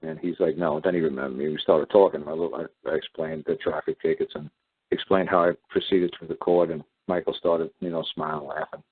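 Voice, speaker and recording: A deep, husky man hosts a talk show and tells his story in a blunt, combative way. The sound is thin and tinny, like a phone line. He strings his points together with repeated "I said". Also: fairly even intonation, a little fast, no room sound.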